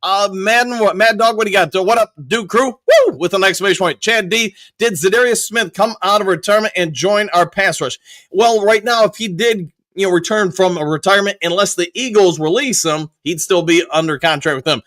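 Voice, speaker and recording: A man's voice: high-pitched, a little fast, fairly bright tone, no room sound. A male host on a live sports stream, upbeat, reading viewer comments aloud and greeting viewers by name. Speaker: show host.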